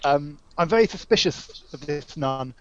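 A man's voice: a little high, animated, normal speed, dull audio, noisy background. A man player in a tabletop game, rambling as he describes his moves.

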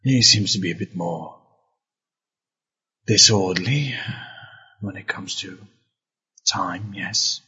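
Slow, raspy-voiced game player. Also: male voice, sits low, bright, forceful tone. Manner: slow, halting, hesitant speech. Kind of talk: tabletop role-play chat. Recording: muffled lo-fi audio.

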